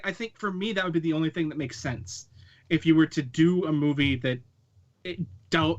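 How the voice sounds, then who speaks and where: Emphatic man on muffled call audio. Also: fairly high pitch. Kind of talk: casual video-call chat.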